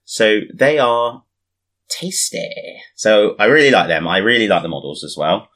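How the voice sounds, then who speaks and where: A tired man chatting casually about a tabletop wargame, relaxed and laughing easily. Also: lowish voice, normal speed. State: tired, yawning.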